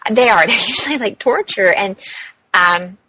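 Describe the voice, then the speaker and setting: A young adult woman co-hosting a podcast, chatting casually and acting out quotes with big jumps in pitch, swearing freely. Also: animated, moderate pace, pushed and bright, dry recording, poor audio. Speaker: podcast co-host. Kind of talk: casual chat.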